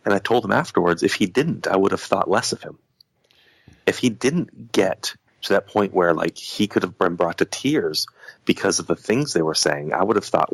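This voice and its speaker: A man's voice: sits low, gravelly, husky, no echo, rough recording. A man in a casual podcast conversation, talking in a heated, rambling way with lots of restarts. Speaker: podcast guest.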